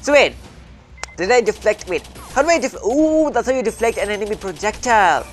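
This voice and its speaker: A woman's voice: medium pitch, animated, fairly quick, soft background music. A woman chatting casually while playing a video game with friends, laid-back and joking. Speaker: gamer. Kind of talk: casual gaming chat.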